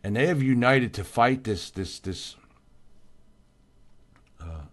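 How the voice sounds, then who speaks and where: A man's voice: mid-range voice, animated, takes it slowly. A tired man hosting a casual livestream, answering viewer comments by name in an emphatic, repetitive way and yawning now and then. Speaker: livestream host.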